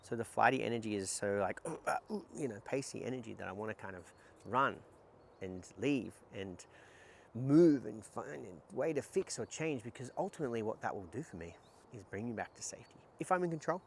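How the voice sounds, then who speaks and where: A man, a somatic psychotherapist, talking candidly and casually to camera, swearing now and then in a lively stop-start way. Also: on the low side, fairly quick, creaky, a little hiss or hum. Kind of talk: casual explanatory talk to camera.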